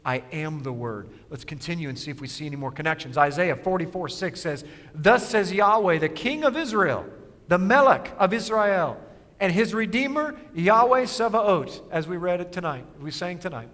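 Guy pastor preaching hard, high bright voice, long hall echo. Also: animated. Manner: emphatic preaching with rhetorical questions; swings between quick asides and slow stressed phrases. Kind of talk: sermon.

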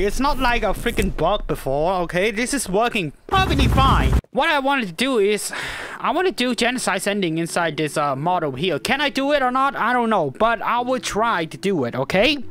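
Excitable woman narrating gameplay, lively pitch. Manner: excitable, yelling at game characters, frequent laughter. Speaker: gaming YouTuber. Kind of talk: casual gameplay commentary.

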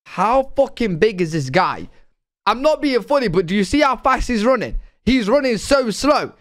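A man's voice: high-pitched, big pitch swings, normal speed. A young British man reacting to sports clips with hyped, slangy, swearing commentary. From Britain. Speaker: reaction video host. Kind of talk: excited casual reaction commentary. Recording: music playing loud behind voice. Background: hip hop music.

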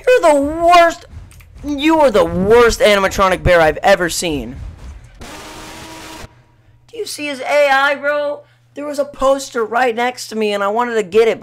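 A gaming YouTuber giving let's play commentary, excitable and trash-talking the game, swinging between loud outbursts and hushed mutters. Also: mid-range voice. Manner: playful trash talk at the game.

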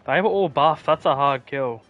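An Australian man talks casually on a live game stream, teasing his viewers and pushing back on their jokes. His voice sits a little high. Faint music runs under his talk. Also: normal speed, a bit bright, dull audio. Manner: joking, defensive banter with chat. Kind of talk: casual live-stream chat while gaming.

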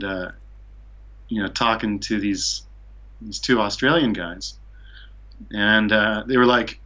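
A man's voice: lowish voice, fairly bright tone, lo-fi sound. A man from Seattle telling a long travel story as a podcast guest, rambling with lots of "like" and "you know". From Seattle, USA. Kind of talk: casual storytelling.

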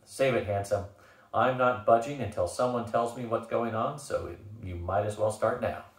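A brash, strong-willed young woman, read by a man, firm and a little teasing. Her pitch sits somewhat higher than the narrator's deep voice. The reading has roomy echo. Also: normal speed, far from the mic, natural voice.

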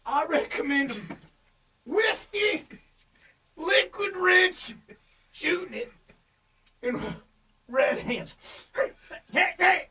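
A man's voice: extremely high pitch, lively intonation, extremely slow, pauses often, pushed and bright, far from the mic, heavily acted. A man playing a rowdy, drunken old male preacher who hollers and rambles in a slurred voice for an improvised comedy sketch.

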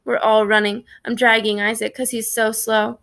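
A woman's voice: a little high, flat delivery, normal speed, vocal fry, fairly bright tone. A woman narrating a children's story in the first person, reading expressively. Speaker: audiobook narrator.

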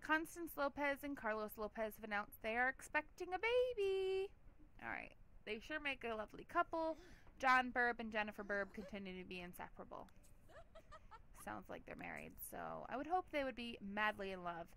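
A woman's voice: on the high side, sing-song, normal speed, pushed and bright. A woman hosting a let's play, giving chatty, giggly gameplay commentary with a lot of "like".

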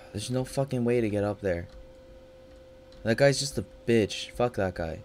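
A man's voice: fairly low pitch, a little slow, a little mellow, a little hiss or hum. A man giving live gameplay commentary, swearing constantly and swinging between panicked yelps and frustrated grumbling. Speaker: gaming channel host.

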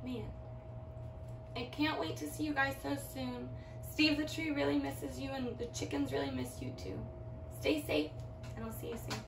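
Gentle woman reading to children. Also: high-pitched, fairly even intonation, moderate pace, creaky, noisy background. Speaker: teacher. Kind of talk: reading a letter aloud to children. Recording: echoey room, from far off.

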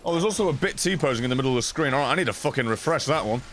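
A young man streaming live gameplay, swearing constantly, thanking donors and breaking into loud shouts. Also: medium pitch, animated, racing, slight background noise. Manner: thanks chat donors between fights.

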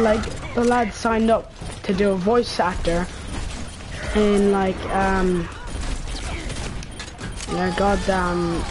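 A woman's voice: medium pitch, background noise. A woman streaming a game live, giving foul-mouthed trash-talking commentary as she plays.

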